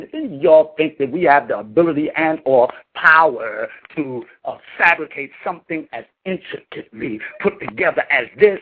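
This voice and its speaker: A man's voice: fairly high pitch, animated, normal speed, hardly any pauses. Scolding preacher man on a tinny line. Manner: emphatic, scolding, slangy with cursing. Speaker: spiritual leader. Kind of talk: preaching address to followers. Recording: tinny phone-like sound.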